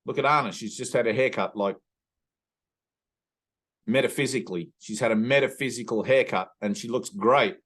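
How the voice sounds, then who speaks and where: An Australian man leading a spiritual satsang over a video call, talking earnestly and intimately and slowing right down to stress a point. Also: medium pitch, fairly bright tone, breathy edge. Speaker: spiritual teacher. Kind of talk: satsang teaching talk.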